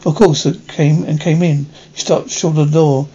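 A man reading a first-person story aloud in a halting, stumbling way, often restarting words. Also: a little high, little pitch movement, mellow, a little hiss or hum. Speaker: reader. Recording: dull lo-fi recording.

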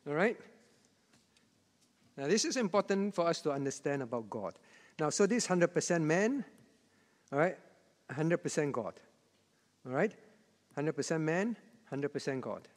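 Male pastor, high-pitched, repeats his points with emphasis, long hall echo. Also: big pitch swings, measured pace, long pauses. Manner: repetitive, emphatic, chuckling asides. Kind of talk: Bible teaching to a congregation.

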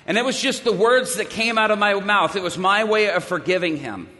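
A man's voice: high-pitched, lively intonation, a little fast, in a large hall. A man telling a dramatic story of his own to an audience, acting out the voices of the people in it. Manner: acts out the dialogue he quotes, with sudden shouts.

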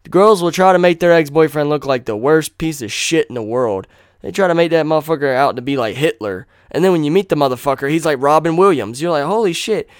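A man's voice: a little high, quick pace, clean tone, no echo, clean studio sound. A man hosting a solo podcast, ranting in an angry, blunt and profane way. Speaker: podcast host.

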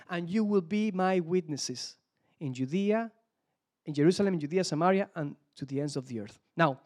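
A man from Spain with a Spanish accent, preaching a sermon in English as a second language, often repeating words and searching aloud for the right English word. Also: high-pitched.

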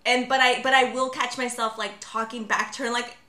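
Giggly bright-voiced woman podcaster. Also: fairly high pitch, flat delivery, a little fast, reverberant. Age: 30s. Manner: giggly, chatty, lots of "like". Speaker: podcast co-host. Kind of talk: casual chat.

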